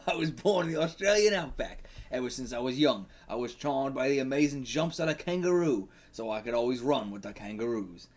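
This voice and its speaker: A man's voice: mid-range voice, a little fast, few pauses, natural voice. A man voicing a brash male kangaroo-themed villain from a comic, in a weak attempt at an Australian accent, read half-jokingly. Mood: boastful.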